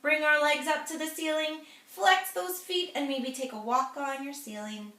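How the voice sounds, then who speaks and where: A woman with a high voice leads a children's yoga class, talking the kids through each pose in a cheerful, encouraging way. She sounds set back from the mic, and her voice rings around an echoey room. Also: fairly even intonation, moderate pace, bright, forceful tone, far from the mic. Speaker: kids' yoga instructor.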